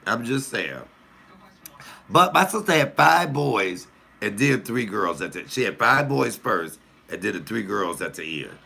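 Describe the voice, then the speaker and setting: Sex: man. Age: 50s. Style: casual comic storytelling, gravelly and bright, animated, with high loud outbursts. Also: measured pace. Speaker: comedian storyteller.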